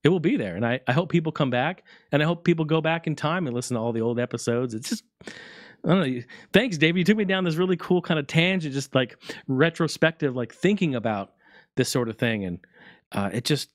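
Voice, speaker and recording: A man's voice: medium pitch, no echo, clean studio sound. A man hosting his own gaming podcast, talking casually in a rambling, heartfelt way and swearing freely. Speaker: podcast host. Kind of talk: casual solo podcast talk.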